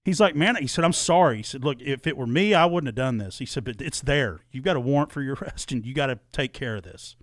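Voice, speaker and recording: A man's voice: medium pitch, fast talker, few pauses, dry recording, clean studio sound. A middle-aged man telling a long personal story in casual podcast chat, acting out the dialogue and swearing freely. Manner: animated, acts out quoted dialogue, swears freely.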